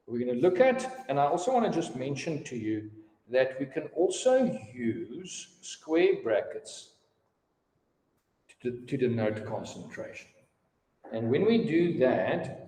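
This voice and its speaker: A man's voice: mid-range voice, dark tone. Chatty male teacher in an echoey classroom. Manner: chatty, storytelling asides. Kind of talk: classroom lesson. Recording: echoey room with long reverb.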